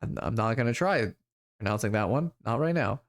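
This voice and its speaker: A man playing through a video game on stream, talking casually and reading its text aloud. His delivery is relaxed and a little hesitant, with pauses as he goes. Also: medium pitch.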